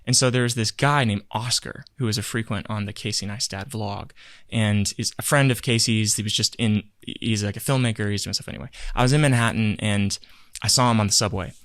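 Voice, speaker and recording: This podcast co-host has a lowish voice and talks briskly with almost no pauses, and there's no room sound. In a casual chat he tells a meandering story, acting out what people said, full of fillers and self-corrections.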